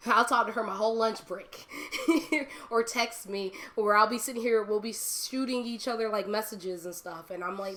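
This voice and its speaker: A woman talking casually and candidly as a live streamer, telling animated personal stories and laughing often. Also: medium pitch, normal speed, few pauses. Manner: candid and confiding.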